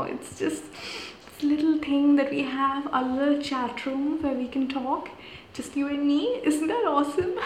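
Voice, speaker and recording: A woman chats to her live viewers in a hushed, giggly whisper. Her voice sits a bit high. It rings with the echo of a small room, with faint noise underneath. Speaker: live-stream host. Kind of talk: casual live-stream chat. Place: small tiny room indoors.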